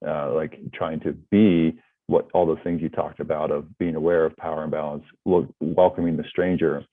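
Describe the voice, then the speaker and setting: A man's voice: extremely low pitch, flat delivery, moderate pace, dry recording. A man from North America, a podcast guest, talking in a hesitant way with many restarts and fillers. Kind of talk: casual interview talk. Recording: tinny phone-like line.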